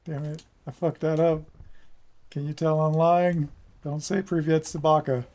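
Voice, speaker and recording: Slow-talking young man gaming. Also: a little high, level tone, mellow. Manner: swearing, muttering reactions to the game. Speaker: gaming streamer. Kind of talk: casual gameplay commentary.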